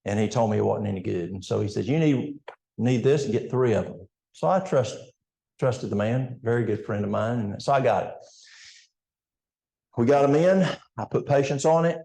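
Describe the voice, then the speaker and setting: A man's voice: medium pitch, normal speed, vocal fry, mellow, roomy sound. An older man with an East Tennessee Appalachian accent, giving a folksy health seminar talk in a church and addressing the audience directly. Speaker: health educator.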